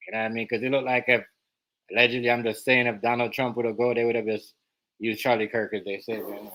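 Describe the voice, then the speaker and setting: A man's voice: mid-range voice, level tone, fast talker, a bit bright. A man hosting a live stream, talking loosely and repeating himself while he speaks straight to his viewers. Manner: loose, repetitive, talks to viewers directly. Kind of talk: casual livestream commentary. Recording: echoey room, far from the mic, faint noise.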